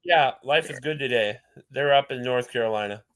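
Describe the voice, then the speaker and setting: A man talks casually in an easygoing way. His voice sits at a middle pitch, and he shares small stories without hurry. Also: normal speed, fairly bright tone. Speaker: co-host. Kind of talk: casual chat.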